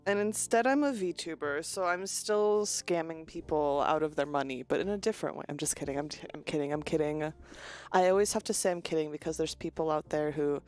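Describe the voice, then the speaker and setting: A woman streamer chatting casually with her viewers, with a deadpan delivery. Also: sits low, brisk, faint music behind. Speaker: VTuber streamer. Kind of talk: casual chat.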